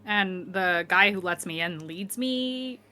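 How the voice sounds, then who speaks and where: A woman's voice: mid-range voice, slow, pushed and bright, soft background music. A woman playing a character in a tabletop role-playing game, casual and dry. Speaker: player.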